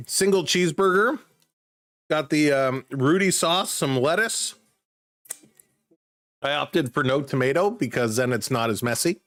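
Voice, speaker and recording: A man casually calling football play-by-play on a live stream, chatting excitedly with viewers. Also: a little high, dry recording, clean studio sound.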